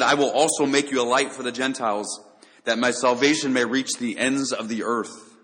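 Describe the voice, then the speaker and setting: A man delivering a sermon in an earnest, direct way, often posing rhetorical questions to his listeners. His voice sits at an ordinary pitch for a man. A long reverb trails each phrase, as in a large hall. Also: steady tone, moderate pace, fairly bright tone. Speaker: pastor.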